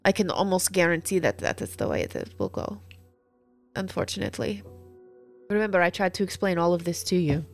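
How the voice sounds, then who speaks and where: Woman with a lowish voice talking calmly in character in an rpg, faint music under it. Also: a little fast, vocal fry. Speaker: player. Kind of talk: in-character tabletop role-play.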